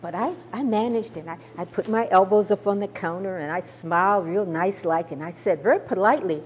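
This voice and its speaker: An older woman telling a personal story from her childhood, expressive and with small stammers. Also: medium pitch, brisk, few pauses. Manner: expressive, warm-toned recounting with small stammers.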